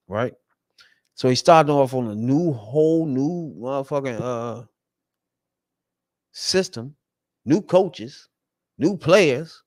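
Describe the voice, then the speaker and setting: A man's voice: medium pitch, no echo, clean studio sound. A middle-aged man from the United States ranting casually as a sports fan vlogger, profane and repetitive, his talk swelling into heated outbursts.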